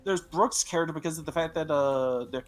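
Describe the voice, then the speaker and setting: A man's voice: on the high side, fairly quick, slight background noise. A man chatting casually while playing a game on a stream, rambling from tangent to tangent with many restarts. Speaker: gamer on a stream. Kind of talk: casual chat while gaming.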